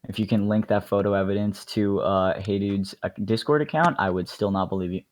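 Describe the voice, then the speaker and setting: A man's voice: low-pitched, little pitch movement, fairly quick, a little mellow, slight background noise. A young man co-hosting a casual podcast, rambling and cocky in banter. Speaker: podcast co-host. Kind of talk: casual chat.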